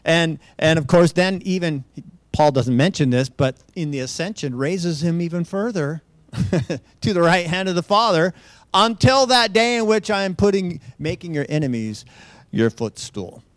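A pastor teaching a Bible study in an informal, conversational way, often checking in with listeners and restarting phrases. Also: male voice, a little high, expressive, moderate pace, no room sound. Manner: chuckles lightly, restarts phrases. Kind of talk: conversational sermon with slides.

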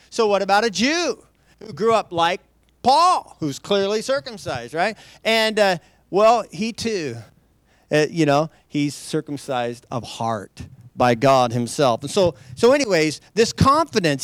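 A man's voice: high voice, fairly bright tone, no echo. A man preaching a conversational sermon, loose and chatty, with frequent restarts and light laughs. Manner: loose, chatty delivery with many restarts and asides; laughs lightly between points.

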